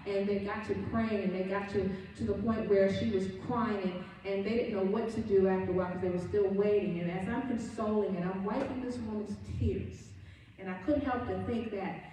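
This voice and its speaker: Mellow-voiced woman preaching in an echoey hall. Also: mid-range voice, steady tone, brisk, distant mic, slight background noise. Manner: earnest storytelling preacher. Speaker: minister. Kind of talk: sermon. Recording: very echoey room, voice from afar.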